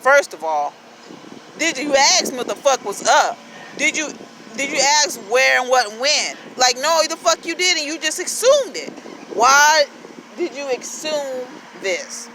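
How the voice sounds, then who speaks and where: A woman's voice: high-pitched, big pitch swings, unhurried, pushed and bright, low-quality recording. A woman giving a casual motivational talk in a blunt, repetitive way, swearing freely as she urges listeners to speak up and look after themselves. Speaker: motivational vlogger. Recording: outdoor street noise.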